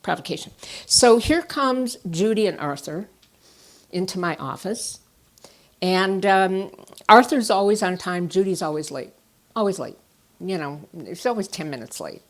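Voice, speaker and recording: A woman therapist giving a conference talk, telling personal stories with animated swings from quiet asides to emphatic bursts. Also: on the low side, unhurried. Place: stage at a conference.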